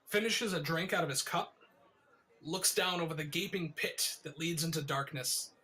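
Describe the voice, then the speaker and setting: A man narrating a tabletop game as game master, in vivid, descriptive narration with filler pauses. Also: fairly high pitch, sharp tone.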